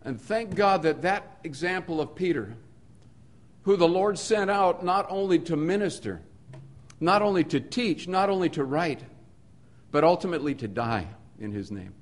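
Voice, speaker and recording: A man preaching a sermon in an earnest voice, building his points through repetition and moving between soft, low passages and emphatic ones. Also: lively intonation, normal speed.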